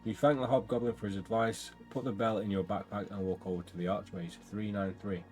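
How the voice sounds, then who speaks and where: A man with a fairly low voice plays through a gamebook in relaxed banter. He reads out passages and page choices and tosses in dry jokes. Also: quick pace, faint music behind. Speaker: gamebook co-player. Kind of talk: casual gamebook play-through.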